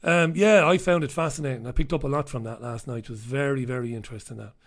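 A man's voice: medium pitch, fast talker. A man hosting a casual talk radio show, delivering a sardonic monologue with offhand asides and chuckles.

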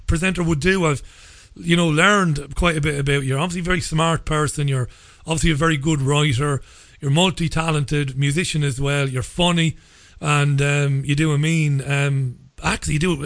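A man hosting a radio interview, speaking in a measured, hesitant way with frequent stammers. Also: fairly high pitch, a bit bright, no echo. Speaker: radio show host.

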